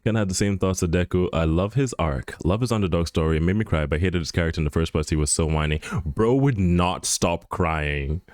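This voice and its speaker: A man's voice: low-pitched, brisk, hardly any pauses, a little mellow, no echo, studio quality. A man chatting on a live stream in a rambling, joking way, full of fillers and restarts, often laughing. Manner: laughs often while talking. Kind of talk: casual chat on a live stream.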